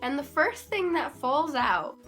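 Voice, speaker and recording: Animated young woman telling a story. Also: high voice, a little slow, faint music behind. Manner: rambling, animated, self-mocking storytelling. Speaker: vlogger. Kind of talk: casual storytime.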